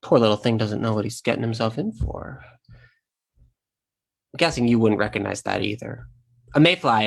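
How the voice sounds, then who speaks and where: A man's voice: on the low side, gravelly, breathy edge, exaggerated voice. A man in a one-man stage monologue streamed online, playing a sassy, vain, profane trapped insect who talks straight to the audience. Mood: wistful. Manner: sassy, brash, addresses the audience directly.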